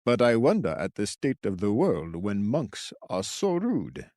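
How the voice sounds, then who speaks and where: A man voicing a quirky old male forest sentry with a cracked, croaking voice, speaking slowly. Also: fairly low pitch, huge pitch swings, darkish tone, no echo, clean studio sound. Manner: slow, quirky, chirpy.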